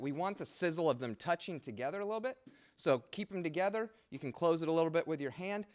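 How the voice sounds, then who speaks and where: A man's voice: on the high side, lively intonation, fast. A man, a music professor, giving a patient instructional drum set lesson in a practice room. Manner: clear, patient explaining with sung drum patterns.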